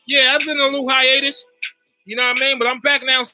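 Talking fast in a very high-pitched, bright and sharp voice, a man live-chats loosely with viewers on his stream. He's slangy and animated, repeatedly asking "you know what I mean," over faint background music.

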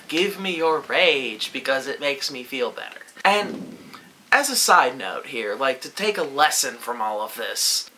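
Vlogger, male, bright forceful voice, sarcastic gloating delivery, casual monologue. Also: a little high, slight background noise, poor audio.

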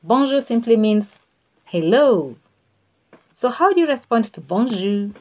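Slow, patient woman teaching. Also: a little high, expressive, dark tone, lo-fi sound. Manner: patient, repeats words for the learner. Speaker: French teacher. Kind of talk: slow spoken language lesson.

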